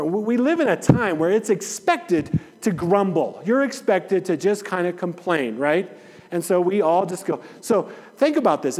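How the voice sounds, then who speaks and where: A man's voice: fairly high pitch, a little mellow. A man preaching a sermon in a conversational, storytelling way, acting out the people in his anecdotes. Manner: conversational storytelling, acts out dialogue. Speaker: pastor. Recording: long hall reverb.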